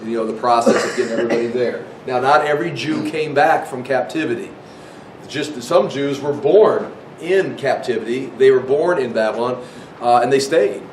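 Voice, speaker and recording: An American man giving a casual Bible history lecture, rambling with restarts and asides. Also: moderate pace. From United States. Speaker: Bible teacher. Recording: echoey room, mic far off, faint rumble.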